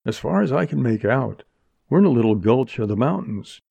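A man's voice: mid-range voice, big pitch swings, brisk, creaky, warm tone, slightly rough, dry recording, exaggerated voice. A man reading an audiobook, voicing a frightened, cowardly young man among outlaws. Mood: anxious. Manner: anxious, pleading. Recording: dull lo-fi recording.

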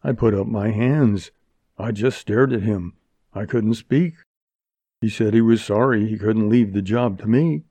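A man's voice: on the low side, a little slow, mellow, dry recording. A man reading an audiobook, voicing a frightened, cowardly young man among outlaws. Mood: anxious. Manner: anxious, pleading. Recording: dull lo-fi recording.

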